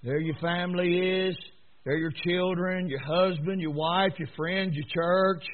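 A preacher with a high-pitched voice delivers a sermon in church. He drops to quiet, rambling asides, then climbs into shouted, pleading exhortation. The sound is thin and tinny, like it came over a phone line. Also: fairly even intonation, unhurried. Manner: swings from low murmurs to high shouting exhortation. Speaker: pastor.

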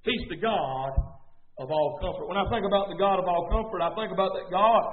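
A man's voice: sits high, a little fast. A man preaching a sermon with fervor, repeating phrases and calling out to the congregation. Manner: fervent, repetitive, calls out to the congregation. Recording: echoey, tinny phone-like sound.

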